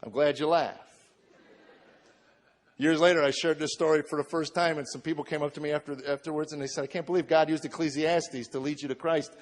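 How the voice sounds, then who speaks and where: A middle-aged man, a comedian, tells the story of his faith to an audience, often repeating words at the start of his sentences and moving from a low, subdued tone to shouted excitement. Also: brisk, long reverb tail. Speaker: comedian giving a testimony.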